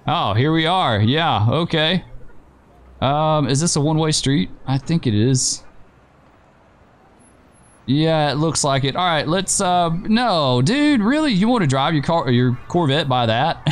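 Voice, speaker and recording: A fairly high-voiced man chats his way through a gameplay session, laughing easily and grumbling at the traffic on screen. Game sounds run clearly underneath his voice the whole time. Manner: chatty, laughs easily, talks to in-game drivers. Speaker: gameplay streamer. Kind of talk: casual gameplay commentary.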